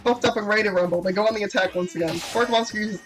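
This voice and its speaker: A woman's voice: medium pitch, rapid-fire, low-quality recording. Woman gamer, casual commentary, reads game text aloud, giggly, faint music behind. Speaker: gamer reading a dating sim aloud.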